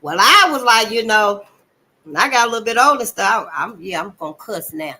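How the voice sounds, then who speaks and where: A woman hosting her channel, giving blunt, profane commentary and calling listeners honey, swinging between loud outbursts and low asides. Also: lively intonation, a little fast. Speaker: channel host. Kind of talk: impassioned commentary.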